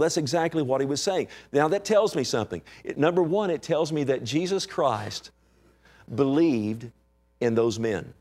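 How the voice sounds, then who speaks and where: A man's voice: medium pitch, darkish tone. A man, a pastor, preaching an emphatic sermon and asking the congregation for amens.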